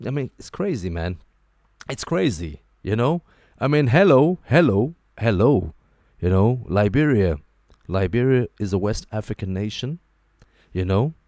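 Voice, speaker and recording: A very deep male voice that swings widely in pitch as he jokes and riffs through a talk show monologue, repeating lines for emphasis. The sound is dry and close, with almost no room around it. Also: moderate pace, no room sound. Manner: animated, joking, repeats phrases. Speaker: host. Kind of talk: casual commentary monologue.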